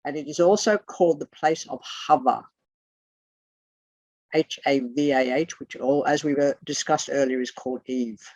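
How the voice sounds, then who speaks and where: A teacher's online lesson over video call includes pauses to spell each term letter by letter. The voice is medium-pitched with a darkish tone, and the speech is blunt, sometimes profane. The recording is muffled and lo-fi, close and dry with no room sound.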